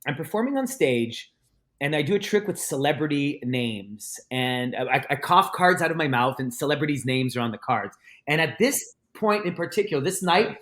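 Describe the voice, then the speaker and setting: A man, a magician guest on a podcast, telling stories in a casual, animated and rambling way, with frequent restarts. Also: a little high, moderate pace. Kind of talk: casual storytelling in a podcast interview.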